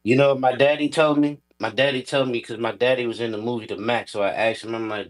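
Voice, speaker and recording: A man's voice: mid-range voice, steady tone, fast, few pauses. A man from the Bay Area chatting casually, telling stories in a loose, profane way. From California Bay Area. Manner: loose, profane, streetwise storytelling. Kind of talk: casual chat.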